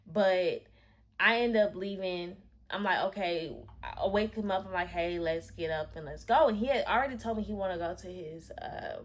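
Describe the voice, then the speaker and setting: A young woman telling a personal story to her camera in a casual, candid and emphatic way, cursing and calling her viewers y'all. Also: fairly low pitch. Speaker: storytime vlogger. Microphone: camera facing the speaker.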